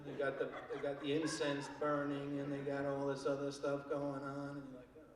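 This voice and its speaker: A medium-pitched male voice, brisk and completely flat, belongs to an older comic doing stand-up in a theater. He delivers wry stories with crude punchlines, captured from far off in an echoey hall amid a loud crowd.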